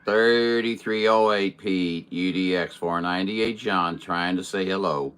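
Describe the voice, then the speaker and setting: A man's voice: low voice, measured pace, fairly bright tone, smooth. A man calling out over a CB radio, friendly and folksy, with a joking tone. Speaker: CB radio operator. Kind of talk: radio call-out. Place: Central Missouri.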